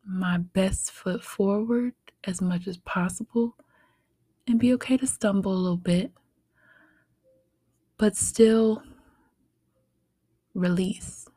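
A young woman speaks slowly and gently, letting her thoughts unfold with unhurried pauses. Her tone is heartfelt and reflective, broken by soft laughs. The sound is dry and close, with no room behind it. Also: medium pitch, no echo. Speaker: podcast host. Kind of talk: reflective solo podcast talk.

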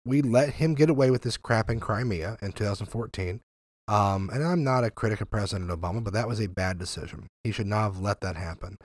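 Podcast host, male, low voice, dry close sound; sarcastic ranter who gets heated. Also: moderate pace, no echo. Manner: sarcastic, heated, swearing, lots of fillers. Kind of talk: ranting political commentary.

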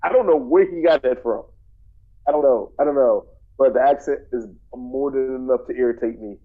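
A man's voice: medium pitch, a little fast, narrow, tinny audio. A man co-hosting a casual movie podcast, blunt and opinionated, who often repeats himself. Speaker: podcast co-host.

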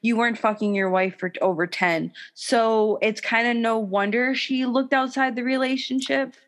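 A woman's voice: fairly high pitch, normal speed. Woman co-host, casual and profane gossip, mimics people she talks about. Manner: profane, animated gossiping, acts out quotes. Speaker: podcast co-host. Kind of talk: casual chat.

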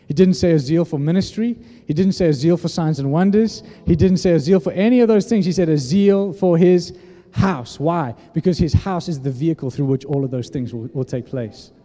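Animated preacher, dark tone. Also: male voice, fairly high pitch, fairly quick, hardly any pauses. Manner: animated storytelling, acts out dialogue. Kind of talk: sermon. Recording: echoey hall reverb.

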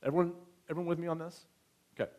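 Man, thirties, pastor, conversational sermon, slightly high-pitched, asks listeners questions. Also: level tone, rapid-fire, darkish tone. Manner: conversational, checks in with the audience.

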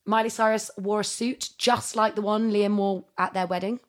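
A woman's voice: medium pitch, fairly even intonation, normal speed. A woman co-hosting a podcast, chatting casually and rambling with many fillers. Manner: rambling, lots of fillers and likes. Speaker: podcast co-host. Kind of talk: casual chat.

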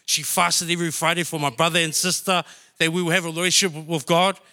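Bright higher-voiced guy from new zealand, emotional church testimony. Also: little pitch movement, fast. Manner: heartfelt, emotional storytelling. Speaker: church member sharing testimony. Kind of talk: personal testimony.

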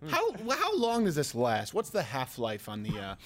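A man hosting a comedy talk podcast, riffing in quick, joking banter. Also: mid-range voice. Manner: animated, quick, joking asides. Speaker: host.

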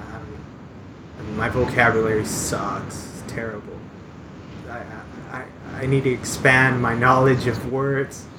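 A man chatting casually as a host, rambling with lots of fillers and restarts and poking fun at himself. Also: medium pitch. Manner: rambling, self-deprecating, many fillers and restarts. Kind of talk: casual chat. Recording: steady background noise.

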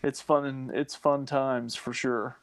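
Relaxed male co-host, agreeable, mid-pitched everyday voice. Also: takes it slowly, a little hiss or hum. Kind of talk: casual wrestling chat.

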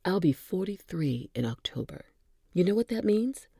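A woman's voice: on the low side, big pitch swings, moderate pace, vocal fry, warm tone, husky, dry recording, voice pushed up, heavily acted. A woman playing a sardonic, imperious patient in her forties. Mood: wry. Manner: dry, teasing and theatrical.

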